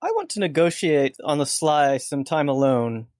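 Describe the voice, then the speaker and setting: A man with a fairly high voice chats as a tabletop player, wry and joking. The sound is dry and close. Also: lively intonation, moderate pace, a little mellow, dry recording. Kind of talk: casual tabletop chat.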